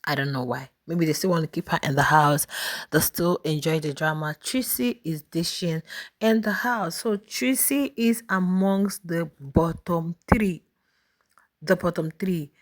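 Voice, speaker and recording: A South African woman hosts a YouTube channel, chatting casually and directly to her viewers about reality show voting polls. Her voice sits on the low side, her pace is measured, and the recording is dry.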